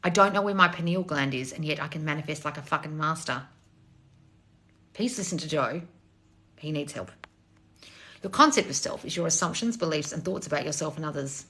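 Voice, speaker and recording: Sweary sarcastic woman answering her live chat, low-ish voice, sharp bright tone. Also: a little fast, pauses often. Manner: blunt, sarcastic, swears freely. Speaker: manifestation coach.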